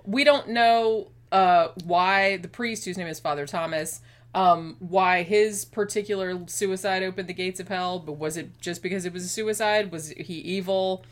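Woman, podcast co-host, relaxed chatty film talk, animated delivery, slightly low pitch. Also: moderate pace. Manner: chatty, animated, laughs often. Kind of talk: casual film discussion.

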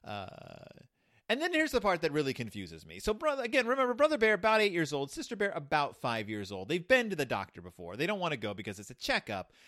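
A man's voice: a little high, wildly swooping pitch, fast, bright, forceful tone, dry recording, studio quality. A man hosting a show, giving comedic commentary on a children's book, rambling with many restarts. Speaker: podcast host reviewing a children's book.

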